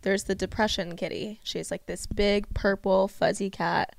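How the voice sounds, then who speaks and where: Animated young woman podcast co-host. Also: mid-range voice, unhurried, vocal fry, no room sound. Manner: animated, agreeable, many "yes" and "like" backchannels. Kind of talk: casual chat.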